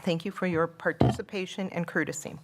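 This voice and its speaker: Low-pitched woman reading meeting rules. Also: a little fast. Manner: formal, procedural. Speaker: board president chairing the meeting.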